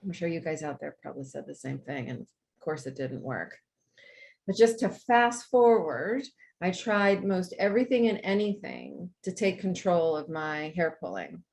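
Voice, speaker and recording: A woman's voice: on the low side, normal speed, creaky, darkish tone. Upbeat woman leading a webinar. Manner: enthusiastic, chatty, personal. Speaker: webinar presenter. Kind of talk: friendly instructional talk with personal story. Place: home with dogs. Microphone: video call.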